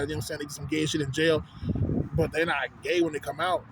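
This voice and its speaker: A man's voice: a little high, fairly even intonation, quick pace, noisy background. A man with a Texan accent ranting casually outdoors on a city street, rambling and profane, constantly asking if you follow him. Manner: rambling, profane, keeps asking "you know what I'm saying". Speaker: vlogger. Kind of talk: casual rant.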